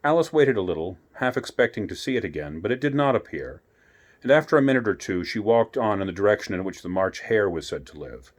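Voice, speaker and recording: A man reading a children's classic aloud as a bedtime story, gentle and unhurried, adding asides to the listener. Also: fairly low pitch, big pitch swings.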